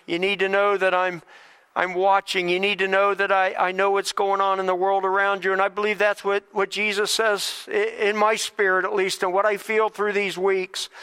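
Earnest high-voiced male preacher. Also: sharp tone, clear, resonant tone. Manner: earnest, repetitive preaching with frequent restarts. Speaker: pastor. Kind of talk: sermon.

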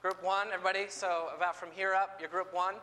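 A man's voice: high voice, level tone, fast, sharp tone. A man presenting to an audience with playful, joking asides. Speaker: missionary presenter. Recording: long hall reverb.

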